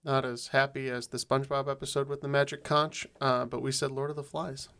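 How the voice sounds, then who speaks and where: A man on a trivia podcast, reasoning through answers in a relaxed way. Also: mid-range voice, a little fast, clear, resonant tone. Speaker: quiz contestant. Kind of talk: casual podcast banter.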